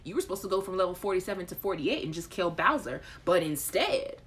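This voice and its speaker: A woman hosts a live chat stream and reacts to viewer comments with a playful, frank manner. Her voice sits fairly low, and her pitch swings widely as she talks. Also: quick pace. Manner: animated, playful and frank, with laughter. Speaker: host of a live chat show.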